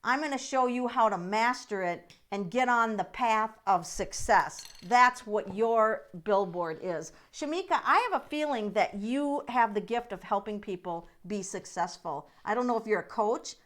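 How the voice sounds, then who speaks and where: A middle-aged woman runs a casual live tarot reading, her voice sitting a little high. She talks in a chatty, encouraging way and speaks to her viewers by name. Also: moderate pace, hardly any pauses. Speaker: tarot reader and livestream host.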